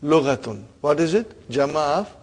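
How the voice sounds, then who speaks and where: A man's voice: on the high side, expressive, normal speed, husky. A man teaching an Arabic grammar class, quizzing his students and checking in with a "huh?" between points. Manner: questioning students, frequent "huh?" and laughs.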